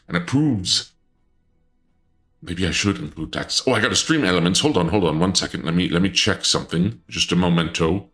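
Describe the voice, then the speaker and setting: A man chats on a livestream in the guise of a dark lord. His voice sits on the low side but has a bright, forceful edge. He sounds flustered and indignant, stammering through restarts and jumping into high-pitched outbursts, with faint music behind him. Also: moderate pace. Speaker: streamer. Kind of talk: casual livestream chat in a dark lord persona.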